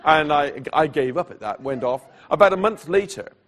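Speaking at a moderate pace in a slightly high voice, this preacher tells a personal tale, lively and acting out each character's voice. When the story turns solemn, his delivery sinks to a quiet hush.

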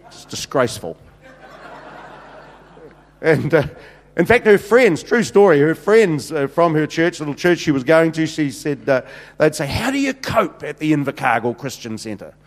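This middle-aged senior pastor has a fairly high voice with lively intonation and talks at a normal speed. Telling funny stories in his sermon, he leans on many fillers, and the church hall adds long reverb.

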